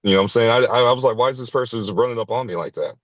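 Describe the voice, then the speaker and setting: A man's voice: racing, no echo, lo-fi sound. A man candidly telling a personal story at a recovery sharing meeting, blunt and profane, often restarting his sentences. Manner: blunt and profane, with frequent restarts and short laughs; acts out others' lines with sharp jumps in pitch.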